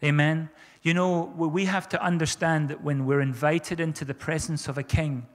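A man preaches in a fairly high voice, pressing his points with fervent repetition. His words ring out with the long reverb of a church hall. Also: fairly even intonation, moderate pace. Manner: fervent, repeats phrases for emphasis. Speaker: pastor. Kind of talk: sermon.

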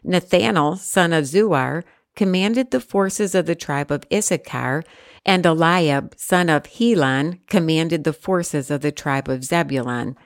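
A woman reading scripture aloud in a steady, measured way with careful pauses. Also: deep voice, no room sound, clean studio sound. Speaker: scripture reader.

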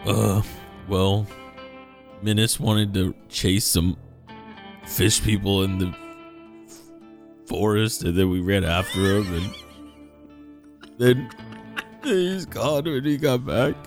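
A man's voice: lowish voice, slow pace, gravelly, long pauses, soft background music. A man playing a tabletop game, speaking hesitantly with many fillers. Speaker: player. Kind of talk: casual tabletop play.

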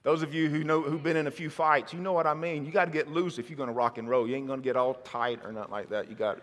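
A man preaching a sermon at a church service, fiery and shouting rhetorical questions. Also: a little high, steady tone, fast talker. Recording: long hall reverb.

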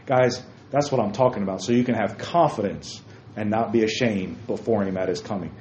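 A man's voice: lowish voice, fairly quick, a little mellow. A man preaching a sermon to a room of young men, emphatic, repeating key phrases and calling listeners by name. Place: church room with a group. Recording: roomy, dull lo-fi recording with faint noise.

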